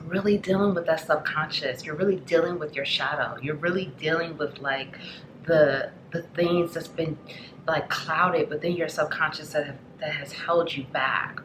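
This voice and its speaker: Low-voiced woman giving a rambling tarot reading. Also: echoey room, noisy background. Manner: affectionate, rambling, many fillers like "like" and "you know". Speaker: tarot reader.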